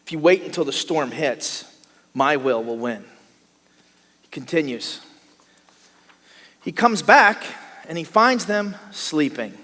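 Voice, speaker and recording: A man preaching a sermon as a pastor, animated, acting out the voices of the people he describes. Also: fairly high pitch, slow pace, pauses often. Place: church sanctuary. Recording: long hall reverb.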